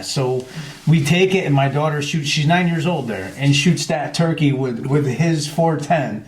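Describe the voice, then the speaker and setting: This middle-aged guest from New York speaks unhurriedly in a slightly high voice, recounting hunting stories for a relaxed podcast chat. As a chapter president, he tells them with animation and voices the characters he quotes, and the room is echoey.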